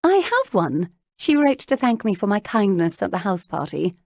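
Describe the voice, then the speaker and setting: A woman narrating an audiobook, voicing an eager and excitable young duchess who talks in breathless, gushing exclamations. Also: medium pitch, normal speed, vocal fry, no echo, clean studio sound. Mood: curious.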